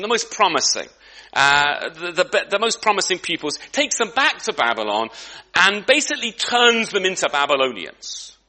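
A man preaching in church with a high, bright voice that swoops up and down. He talks in a loose, conversational way, restarting phrases and dropping in asides. His emphasis stays lively throughout. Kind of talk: sermon.

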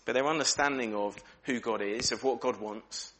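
A man preaching an evening church sermon, acting out questions in lively voices. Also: mid-range voice, normal speed.

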